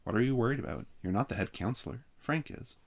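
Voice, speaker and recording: A man's voice: medium pitch, lively intonation, quick pace, creaky, pitched above the performer's own voice. A man voicing a sly teenage boy running a summer camp, announcing in a mock-official way. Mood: dry.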